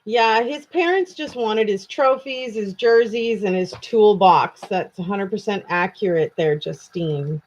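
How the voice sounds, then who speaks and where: A tired Canadian woman hosts a casual true crime live stream, chatting with viewers in a self-deprecating way. Her mid-range voice is a little slow with hardly any pauses, and the home stream audio is dull and lo-fi.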